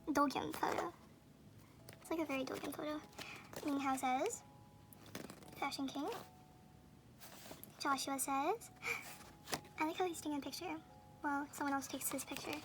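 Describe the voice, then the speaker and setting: A woman with a high voice chats casually while unboxing something, gushing excitedly and letting out frequent gasps and squeals. There is noise in the background.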